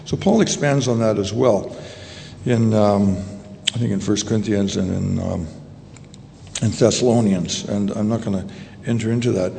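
A man with a gravelly, mellow and fairly low voice delivers a sermon, pausing and restarting as he searches for words. His voice carries a long echo from the hall, with a faint ambient hiss underneath. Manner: halting, searching for words, with many fillers and restarts. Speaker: preacher.

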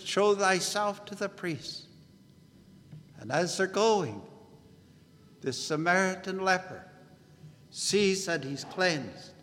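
A man preaching an earnest gospel sermon at a meeting, in a deliberate, measured way. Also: high-pitched, fairly bright tone. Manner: earnest, slow and deliberate preaching, biblical phrasing. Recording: long hall reverb.

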